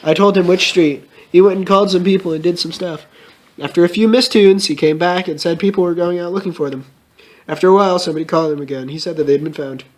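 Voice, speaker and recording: A young man giving a comedic, mock-melodramatic reading of a fan story, with shrill put-on outbursts. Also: fairly even intonation, quick pace.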